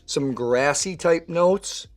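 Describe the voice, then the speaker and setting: A man's voice: a little high, slow, faint music behind. A man with a weakened voice from recent voice loss, presenting a wine tasting in an enthusiastic, conversational way. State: weak voice from lost voice. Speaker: wine educator.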